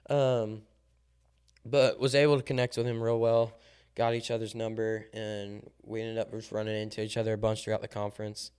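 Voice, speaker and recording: Young male podcast co-host, smooth clear voice, animated storyteller who acts out the dialogue. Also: on the low side, normal speed. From Southern Illinois. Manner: animated storyteller, acts out quoted dialogue, many ums and likes. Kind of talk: casual chat.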